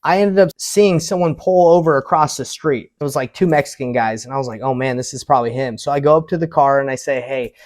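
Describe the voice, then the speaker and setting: A man's voice: mid-range voice, fast talker, few pauses, a little mellow. A man who invests in real estate, casually telling a story to camera and acting out the people in it.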